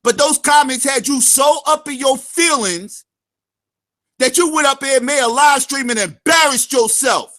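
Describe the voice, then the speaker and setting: A man hosting his own channel, ranting heatedly and profanely in a vlog and often shouting. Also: very high-pitched, moderate pace. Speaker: channel host.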